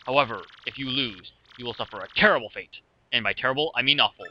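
A man's voice: mid-range voice, quick pace, muffled recording, a little hiss or hum, lightly acted. A man voicing a gloating, villainous male quiz-master guarding a fortress, in hammy game-show patter.

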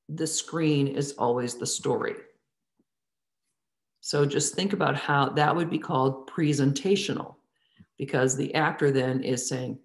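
A woman teaching a theatre class in a lecture style, asking the students many questions and drawing words out for emphasis. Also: sits low. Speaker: theatre instructor.

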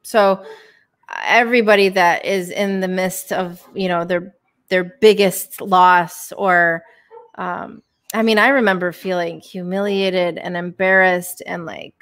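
A woman in her thirties, a professional bowler, guests on a podcast and tells a personal story candidly and with feeling, full of fillers and restarts. Her voice is on the low side, steady and fairly bright, at a moderate pace.

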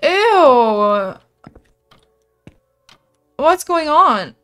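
A woman's voice: high voice, big pitch swings, drawn-out words, a bit bright, faint music behind. A young woman streaming a horror game, talking to her chat and anxiously repeating pleas as she plays. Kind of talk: horror game let's play.

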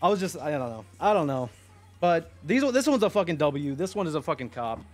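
A young man chatting on a live stream, rambling excitedly, swearing and talking to his chat. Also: fairly high pitch, a little fast.

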